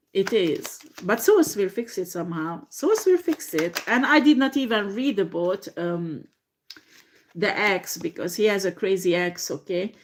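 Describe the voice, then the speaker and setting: A woman reading tarot in a slow, halting way, with many fillers and frequent laughter. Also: mid-range voice. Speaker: tarot reader.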